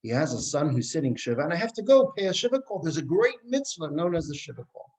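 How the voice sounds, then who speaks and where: A man's voice: a little high, big pitch swings, fast, darkish tone, husky, voice pushed up, full character voice. A smug rich miser from a told folk tale, played by a man in a sermon. He sounds eager and self-important. The voice sits somewhat above the teller's own.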